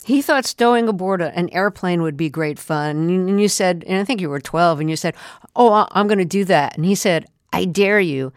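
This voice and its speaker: A woman's voice: fairly low pitch, fairly quick, dry recording, clean studio sound. A woman interviewer asking engaged follow-up questions in a conversational interview.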